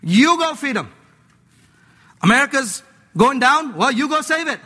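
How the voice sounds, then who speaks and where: A man preaching a sermon as a pastor, emphatic, jumping from loud urging to low asides, in a church. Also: sing-song, measured pace. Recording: long hall reverb.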